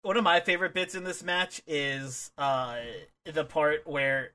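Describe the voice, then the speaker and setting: A man's voice: fairly high pitch, measured pace, bright, forceful tone. A man co-hosting a casual chat, rambling with restarts and acting out funny quotes. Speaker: podcast co-host.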